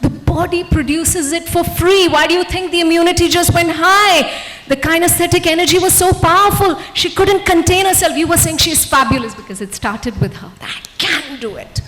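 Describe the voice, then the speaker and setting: A woman giving an energetic motivational stage talk, coaxing volunteers and the audience. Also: extremely high pitch, long reverb tail, rough recording. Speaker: motivational speaker.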